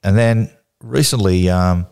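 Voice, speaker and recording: Man, Australian accent, middle-aged, low voice, anecdotal interview guest. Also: measured pace, gravelly, clean tone. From Newcastle, Australia. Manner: lively anecdotal, laughs through stories. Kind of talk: casual interview storytelling.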